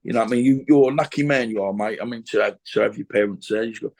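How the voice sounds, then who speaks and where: On a video call, an older former boxer from England tells a blunt, emotional story as an interview guest. He speaks quickly in a lowish, creaky voice, frequently starting his sentences over.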